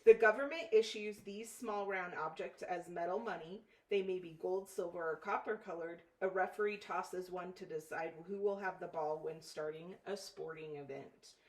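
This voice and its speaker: Woman, teacher, phonics lesson, deliberate, echoey room, distant mic. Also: on the low side, darkish tone. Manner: slow, deliberate, spells out letters. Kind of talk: phonics lesson, step-by-step instruction. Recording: echoey room from far off, faint noise.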